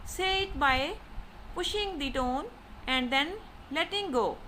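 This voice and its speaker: A woman giving a slow lesson as a language teacher, saying example syllables one by one with exaggerated rises and falls. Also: high voice, expressive, sharp tone, slight background noise. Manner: deliberate, repeats example syllables with exaggerated tones. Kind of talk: slow explanatory lesson narration.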